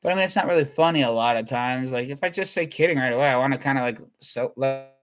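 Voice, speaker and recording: Rambling man, mid-pitched voice. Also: fast talker. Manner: scattered, self-interrupting, restarts thoughts mid-sentence. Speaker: comedian. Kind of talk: rambling comedic monologue.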